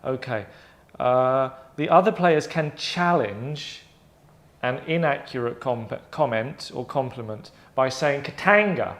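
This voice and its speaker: A man's voice: medium pitch, slow pace. A man hosting his own show, chatting in a rambling way with asides and self-corrections. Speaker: host presenting his own game idea. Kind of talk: casual monologue. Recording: echoey room.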